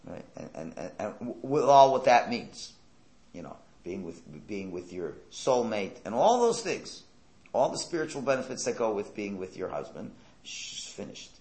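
A man's voice: on the low side, very animated, moderate pace, darkish tone, reverberant. A man giving a religious lecture, emphatic and full of rhetorical questions and sarcastic asides. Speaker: Torah teacher.

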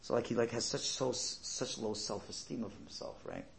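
A man telling a Hasidic folk tale in an animated, chatty way, sprinkling in Yiddish words and asides. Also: mid-range voice, moderate pace, creaky. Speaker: storyteller.

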